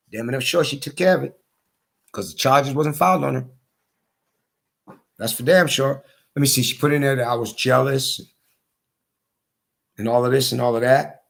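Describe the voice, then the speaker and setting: Hoarse guy with a gravelly voice, venting and repeating himself. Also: mid-range voice, normal speed, pauses often, a bit bright. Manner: repetitive, emphatic storytelling. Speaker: vlogger. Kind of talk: casual monologue.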